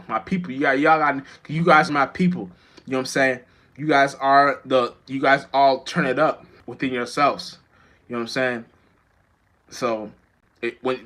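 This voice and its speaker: A man's voice: mid-range voice, a bit bright. A young man, a rapper, chatting loosely to viewers on a livestream, often losing his train of thought and swearing freely. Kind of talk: rambling casual livestream chat.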